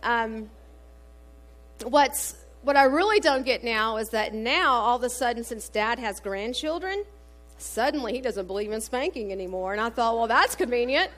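A middle-aged woman gives a sermon in a slightly high voice. She moves between scripture readings and homey family anecdotes. Her talk is conversational, with frequent "um" fillers. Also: moderate pace. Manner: warm storytelling with scripture quotes, many fillers. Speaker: preacher.

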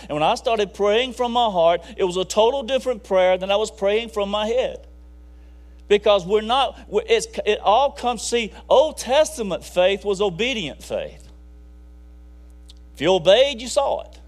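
High-voiced folksy man preaching. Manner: conversational, folksy, with bursts of emphasis. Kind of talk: sermon.

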